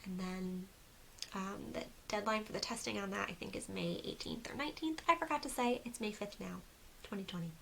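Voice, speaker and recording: A woman's voice: mid-range voice, brisk, creaky, a little hiss or hum, poor audio. A woman hosting a casual crochet video podcast, chatty and rambling, with frequent ums, seated at home on camera. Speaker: crochet designer and podcast host.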